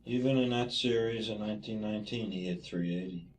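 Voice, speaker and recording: A man's voice: on the low side, fairly quick, a little hiss or hum, rough recording. A man interviewing, asking plain and curious questions.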